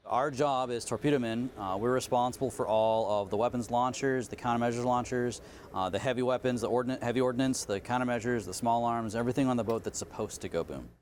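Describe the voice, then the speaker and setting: A man's voice: medium pitch, fast talker, darkish tone, slight background noise. Matter-of-fact man explaining naval gear. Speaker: Navy torpedo man, chief petty officer. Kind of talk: interview answers. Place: aboard a submarine.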